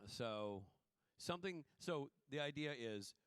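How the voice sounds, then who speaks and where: A man from the American South, a panel guest and TV director, telling animated, joking stories in a casual convention Q&A. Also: mid-range voice, slow pace, smooth, no room sound. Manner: animated storyteller, jokey, acts out voices. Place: convention hall stage.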